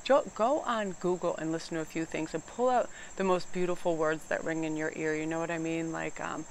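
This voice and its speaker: New lady doing a chatty tarot read outside, animated and loud at times, faint outdoor hiss. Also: low-pitched, brisk. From New England. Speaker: tarot reader. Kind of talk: casual tarot reading chat.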